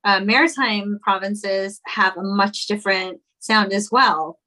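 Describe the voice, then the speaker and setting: Podcast guest, woman from Quebec, mid-pitched, chatty and prone to quick impressions. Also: bright, forceful tone. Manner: chatty, talks things through, does quick impressions of callers. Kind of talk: casual conversational interview.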